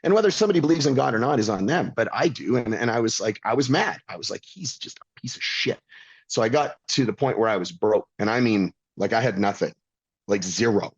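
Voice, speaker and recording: Blunt, profane man in his fifties, husky voice, dry muffled recording. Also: on the low side, fast talker, dry recording. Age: 50s. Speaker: guest. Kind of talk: casual storytelling.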